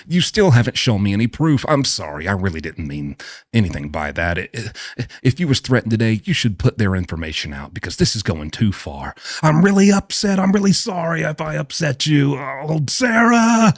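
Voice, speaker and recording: A man's voice: very animated, normal speed, no room sound, studio quality. A man reading out text messages in a mocking voice, playing a frantic, unhinged middle-aged man who pleads and whines. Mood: whiny pleading. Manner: mocking, shrill, overwrought.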